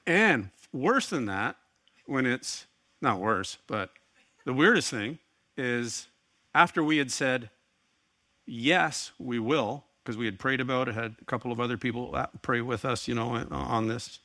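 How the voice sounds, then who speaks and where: A man's voice: medium pitch, measured pace, bright, forceful tone, no room sound. A middle-aged man preaching a sermon, telling a personal story with earnest, wry asides. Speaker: pastor.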